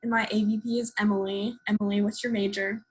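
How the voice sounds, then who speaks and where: Young woman, student officer, quick and chatty, mid pitch. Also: little pitch movement, husky, poor audio. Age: young adult. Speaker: club vice president. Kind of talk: casual video call introduction.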